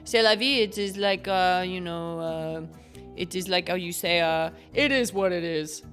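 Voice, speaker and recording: A woman voicing a pompous, well-traveled jet-setter who puts on French airs and speaks in a haughty, halting way, dropping in French phrases. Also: on the low side, fairly bright tone, soft background music. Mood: snooty.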